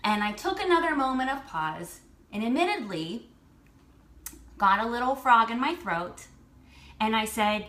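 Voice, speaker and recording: A woman in her thirties, a lifestyle and fertility coach, telling a personal story to her viewers in an animated, chatty way with lots of "like". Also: on the high side, unhurried, long pauses.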